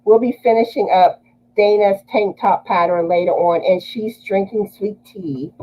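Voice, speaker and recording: A woman's voice: mid-range voice, a little slow, dark tone, a little hiss or hum, poor audio. A woman from Louisiana hosting a casual livestream, greeting viewers and reading their comments aloud.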